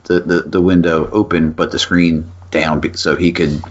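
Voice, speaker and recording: A man with a deep voice spins a lively story on a podcast, cursing freely as he goes. The audio is muffled and lo-fi. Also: moderate pace. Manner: animated storyteller, swears, acts out voices in quotes. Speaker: podcast co-host. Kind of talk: casual storytelling chat.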